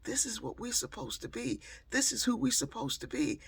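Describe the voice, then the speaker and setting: A woman voicing a cheerful, devout man who works at the airport, with a soft, hushed delivery. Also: a little high, very animated, normal speed, vocal fry, husky, no echo, pitched above the performer's own voice, exaggerated voice. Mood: reverent.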